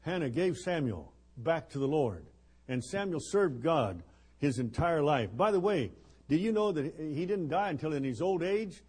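A man's voice: a little high, very animated, normal speed, darkish tone, breathy edge. A man in his seventies preaching a folksy sermon at a missions conference, joking and rambling with chuckles and fillers.

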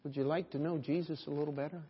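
Earnest pastor preaching in a reverberant hall. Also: male voice, fairly high pitch, steady tone, quick pace, husky. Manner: earnest, rhetorical questions, shifting between hushed and loud. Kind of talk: sermon. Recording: dull sound in a reverberant hall.

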